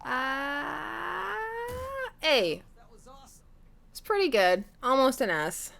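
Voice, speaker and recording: A woman's voice: high-pitched, sing-song, drawn-out words, vocal fry, a bit bright. Chatty woman narrating her gameplay. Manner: chatty, hums and thinks aloud while playing. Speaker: let's play host. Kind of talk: casual game commentary.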